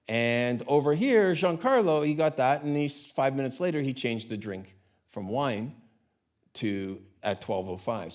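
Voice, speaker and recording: A man gives a relaxed conference talk into a handheld mic, his pitch in an ordinary middle range. He explains things casually and keeps checking in with tag questions. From Canada. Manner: conversational, many tag questions. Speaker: conference speaker. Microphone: handheld mic, hot gain.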